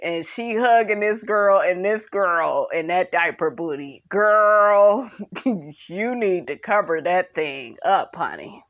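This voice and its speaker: A woman giving a sassy, animated casual commentary recap of a reality show, tossing in "honey" and "okay" as she goes. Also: takes it slowly, dull audio. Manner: sassy, animated, sprinkles 'honey' and 'okay'; breaks into high laughing impressions.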